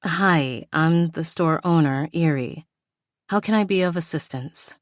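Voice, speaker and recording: A woman's voice: low-pitched, a little slow, no room sound, clean studio sound. A woman voicing a polite, flustered store owner speaking to a customer.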